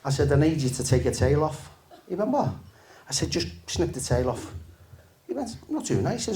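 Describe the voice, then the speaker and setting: A man, doing a stand-up comedy set in a relaxed, deadpan, sweary storytelling manner to a live audience. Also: a little high, fairly quick, a little hiss or hum. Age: 50s.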